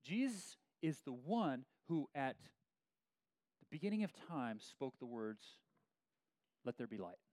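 A man's voice: mid-range voice, unhurried, pauses often, no echo. A man preaching a sermon as a pastor, in a conversational way with frequent restarts. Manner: conversational, animated with many restarts.

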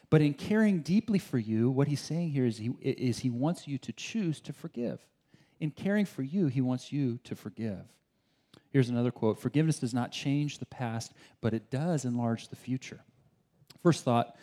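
A man delivers a sermon in a relaxed, chatty way, firing off rhetorical questions and restarting his sentences. His voice sits in a middle register with a mellow, warm tone. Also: mid-range voice. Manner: conversational, animated preaching with restarts and rhetorical questions. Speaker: pastor.

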